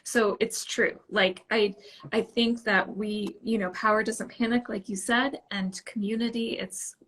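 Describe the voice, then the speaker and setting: A woman's voice: mid-range voice, steady tone, unhurried, low-quality recording. A woman from Ohio co-hosting a podcast, speaking gratefully in a loose, rambling way. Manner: warm-hearted, grateful, rambling. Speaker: podcast co-host. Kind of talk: casual chat.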